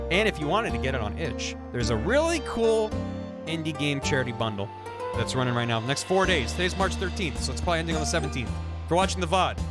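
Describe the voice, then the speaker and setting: A man streaming a video game, talking in an excitable, chatty way and laughing easily. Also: fairly high pitch. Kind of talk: live gameplay commentary. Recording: game music playing under voice. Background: video game music.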